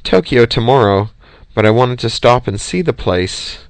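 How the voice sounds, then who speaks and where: A man's voice: mid-range voice, lively intonation, moderate pace, no echo, close to an everyday voice. A man voicing an eager young former enemy soldier who speaks with a thick foreign accent. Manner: eager, grinning, warm.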